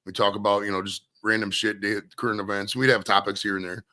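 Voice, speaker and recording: Talking fast in a fairly low, flat voice that comes across bright and forceful, a Maine man hosts his own stream. The solo chat wanders, profane and conversational throughout.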